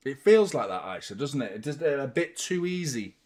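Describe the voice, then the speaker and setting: A man hosting a live football watchalong, chatting casually with animated, sweary banter. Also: mid-range voice, a little fast. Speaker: host of a football fan watchalong.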